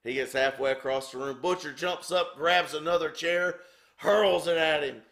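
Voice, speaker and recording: A man, a former wrestler, telling a backstage story with animated delivery and acted-out sound effects. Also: on the high side, normal speed. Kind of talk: anecdotal storytelling. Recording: roomy echo.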